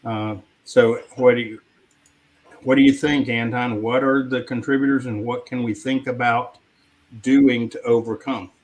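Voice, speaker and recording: A man co-hosting a talk show, speaking in a halting way with many fillers in a casual discussion. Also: medium pitch, fairly even intonation, poor audio. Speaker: co-host.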